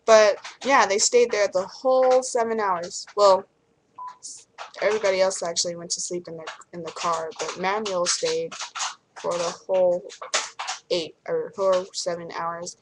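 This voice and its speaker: A woman's voice: fairly low pitch, steady tone, unhurried, noisy background. A woman in her twenties telling a rambling story to camera in a vlog, with many restarts. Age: 20s. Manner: chatty, acts out what others said. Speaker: vlogger.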